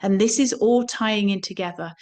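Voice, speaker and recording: A woman's voice: mid-range voice, moderate pace, a little mellow. A woman from England, giving an earnest, reflective teaching talk on somatics and often repeating words as she thinks.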